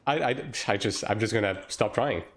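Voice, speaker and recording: Male game streamer, lowish voice, loose and profane, chatting with his viewers mid-match. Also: normal speed, fairly bright tone. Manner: casual, profane, talks to chat while playing. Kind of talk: live-stream gaming commentary.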